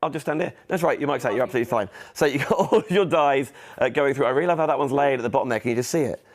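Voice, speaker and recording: A man co-hosting a live shopping show, pitching products to viewers with a salesy manner. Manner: brisk, salesy, addresses viewers directly.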